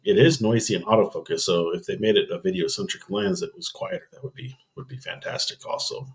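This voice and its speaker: A man's voice: lowish voice, very animated, brisk, vocal fry. A man hosting a casual live stream, rambling through camera news and thinking aloud with frequent ums and restarts.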